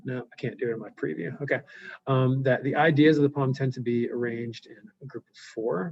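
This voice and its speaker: A man's voice: mid-range voice, a little fast, vocal fry, no room sound. A male teacher giving a live online class lecture, explaining loosely with fillers and frequent check-ins. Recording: dull lo-fi sound.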